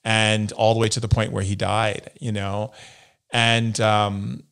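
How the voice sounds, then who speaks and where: A gravelly, smooth, fairly bright voice on the low side comes from an American man speaking slowly with a flat delivery. As a guest in a sit-down interview, he earnestly tells personal stories and acts out what others said.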